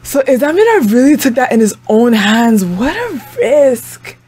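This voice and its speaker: A woman's voice: on the high side, very animated, unhurried, darkish tone, husky, no echo. A young woman hosting a reaction video, chatting casually to the screen with frequent exclamations and laughs. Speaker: anime reaction channel host.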